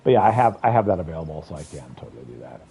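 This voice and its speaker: A man's voice: extremely low pitch, very animated, racing, mellow, slight background noise. A man streaming a video game, chatting casually and thinking aloud as he rambles through it. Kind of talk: casual gameplay commentary.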